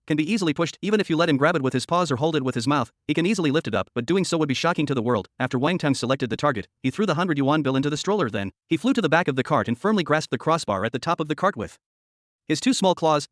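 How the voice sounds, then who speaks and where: Male recap narrator: brisk, slightly high voice, close and dry. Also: dry recording. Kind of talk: scripted story narration.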